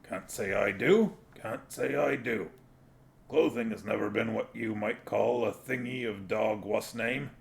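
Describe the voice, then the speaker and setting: A scruffy, cynical talking street dog, as a man puts him on for a storybook reading, grumbling in a gravelly, altered voice. He sounds mock-prim and world-weary. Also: on the low side, unhurried.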